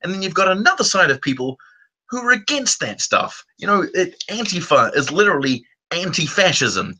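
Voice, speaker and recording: A man's voice: high voice, big pitch swings, moderate pace, pushed and bright, breathy edge, poor audio. A man hosting a casual chat, rambling through long stories, restarting his sentences and laughing as he talks. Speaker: channel host.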